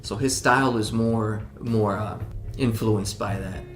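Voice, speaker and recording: A man's voice: lowish voice, fairly even intonation, measured pace. A man, a rock band member, chatting in an interview, rambling with many restarts and fillers. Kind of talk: casual interview chat. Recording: roomy sound with background music.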